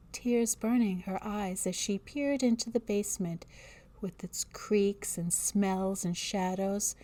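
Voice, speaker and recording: A woman teacher introducing a book and then reading its first chapter aloud in a deliberate storytelling manner. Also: medium pitch, warm tone.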